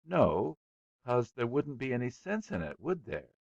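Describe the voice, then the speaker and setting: A man's voice: medium pitch, big pitch swings, measured pace, creaky, darkish tone, no echo, muffled recording, pitched above the performer's own voice, exaggerated voice. A man voicing a sulky, bored schoolboy who pleads and complains emphatically in an audiobook. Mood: sulky pleading.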